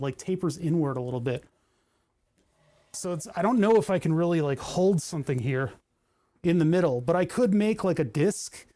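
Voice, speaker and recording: A man's voice: on the high side, dark tone. A man chatting casually in his home workshop as he works out a build, thinking aloud with joking asides. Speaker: hobbyist maker.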